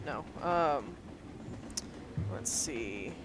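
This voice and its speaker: A woman chatting casually as a player in a tabletop game, laughing often and breaking into quick asides. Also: a bass voice, expressive, noisy background.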